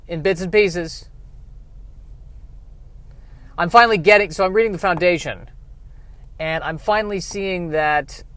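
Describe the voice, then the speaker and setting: Hesitant, rambling man with a slightly high voice. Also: fairly bright tone, no room sound. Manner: hesitant, with many restarts and self-deprecating humor. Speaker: podcaster. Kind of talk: rambling casual monologue.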